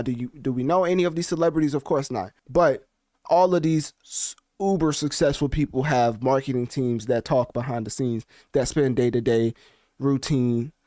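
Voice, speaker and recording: A man hosting a casual commentary video, talking in an animated, slangy and rambling way. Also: mid-range voice, no room sound, studio quality. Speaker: commentary channel host.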